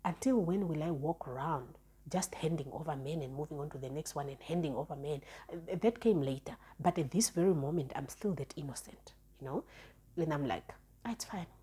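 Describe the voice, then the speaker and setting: Husky low-voiced woman telling a story. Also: brisk, dark tone. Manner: chatty, repeats words when restarting, frank. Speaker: storytime vlogger. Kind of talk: casual storytelling monologue.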